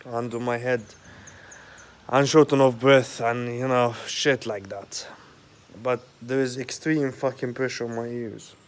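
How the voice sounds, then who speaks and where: A man in a rambling monologue at home, agitated and profane, halting often with fillers. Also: mid-range voice, fairly even intonation. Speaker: vlogger. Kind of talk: rambling direct-to-camera monologue. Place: at home, indoors.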